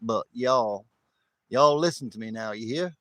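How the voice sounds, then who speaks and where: A man putting on a West Texas drawl as a boastful, folksy coin stacker, loudly pointing things out around his land on a livestream. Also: mid-range voice, unhurried, dry recording, natural voice. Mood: folksy boasting. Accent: put-on West Texas drawl. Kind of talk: livestream impression.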